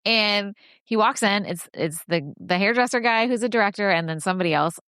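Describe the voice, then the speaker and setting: A woman hosting a podcast, telling stories in an animated casual chat and laughing often. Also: medium pitch, fairly quick, clear, resonant tone, no echo, studio quality. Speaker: podcast host.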